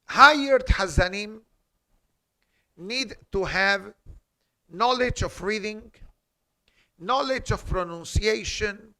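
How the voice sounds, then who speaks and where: A man's voice: high-pitched, takes it slowly, long pauses, bright, forceful tone. A man giving a class as a rabbi in a synagogue, teaching in an emphatic way, quoting Hebrew and asking rhetorical questions. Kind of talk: halakha class.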